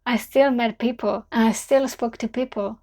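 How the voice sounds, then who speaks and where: Earnest young Italian woman, bright voice. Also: fairly high pitch, steady tone, moderate pace. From Italy. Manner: earnest, heartfelt, simple non-native phrasing. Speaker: vlogger. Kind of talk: reflective farewell vlog.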